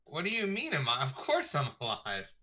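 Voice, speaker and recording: A man's voice: on the high side, wildly swooping pitch, normal speed, pushed and bright. A man playing a tabletop role-playing game, joking in a laid-back way. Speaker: player.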